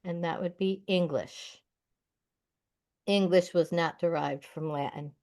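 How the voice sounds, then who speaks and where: A woman hosting a library trivia night, reading out questions and their answers in a deliberate way. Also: lowish voice, mellow. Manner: slow, deliberate, announces each question number. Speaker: trivia quiz host. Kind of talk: reading quiz answers aloud.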